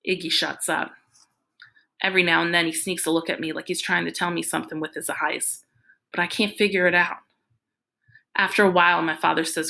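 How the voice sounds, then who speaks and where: A woman narrating a novel in the first person, reading in a plain, steady way. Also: lowish voice, brisk, creaky. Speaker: audiobook reader.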